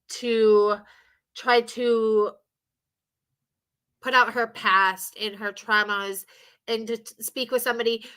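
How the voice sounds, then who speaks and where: A woman's voice: on the high side, sharp tone, smooth. A woman giving casual commentary, hesitant, with many fillers and restarts.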